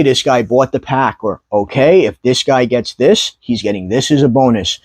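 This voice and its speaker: A man's voice: medium pitch, darkish tone, breathy edge, no echo. A man hosting a heated commentary vlog, ranting angrily with profanity and sudden outbursts. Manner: angry, profane rant with rising outbursts. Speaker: YouTuber ranting about trading card sellers.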